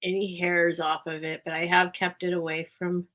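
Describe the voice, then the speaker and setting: Her voice sits lowish with little pitch movement, fairly bright in tone and moderate in pace. She's a chatty, easily distracted woman who laughs often while hosting a casual live-stream sale in a small home room with a towel under the door.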